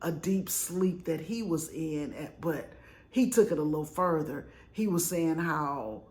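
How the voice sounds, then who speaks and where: Middle-aged woman vlogger, animated chatty storyteller, lowish voice. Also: measured pace. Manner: animated, chatty, dramatic retelling. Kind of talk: casual storytelling.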